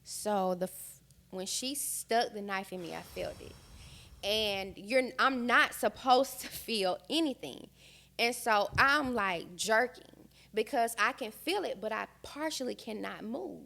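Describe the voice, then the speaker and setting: A woman's voice: mid-range voice, measured pace, creaky. A young American woman on a podcast, candidly and emotionally telling her own story in casual chat. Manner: emotional, frank, animated retelling. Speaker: podcast guest.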